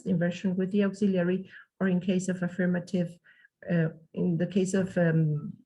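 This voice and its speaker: Husky-voiced woman teaching English. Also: on the low side, warm tone, rough recording. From Mexico. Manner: explains step by step with spoken examples. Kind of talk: online language lesson.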